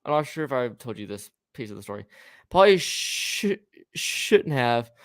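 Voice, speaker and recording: A man tells a story on a podcast, stumbling over his words and swearing as he acts out what everyone said. His voice sits at an ordinary middle pitch. The sound is dry and close, with no room around it. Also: sing-song, normal speed, dry recording. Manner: rambling, stammering restarts, swearing, acts out quoted lines. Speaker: podcast co-host telling a story. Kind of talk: casual storytelling chat.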